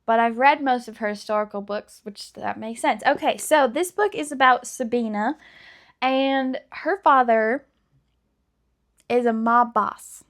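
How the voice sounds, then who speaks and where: A woman's voice: on the high side, unhurried, a bit bright. A woman in her thirties, a book vlogger chatting casually and emotionally, with dramatic emphasis. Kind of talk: casual chat.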